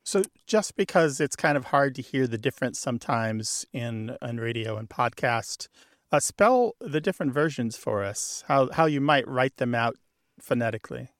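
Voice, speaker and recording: A man's voice: medium pitch, animated, normal speed, dry recording, clean studio sound. A man co-hosting a radio call-in show, explaining things in a good-humored, scholarly way. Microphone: studio microphone.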